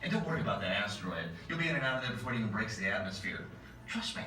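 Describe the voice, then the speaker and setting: A man's voice: lively intonation, natural voice. Man playing an overeager time-travel scientist. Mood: breezy. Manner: fast, breezy, overconfident pitch. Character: reckless, eager male time-travel scientist. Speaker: ride pre-show scientist. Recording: very echoey space from far off, ride noise.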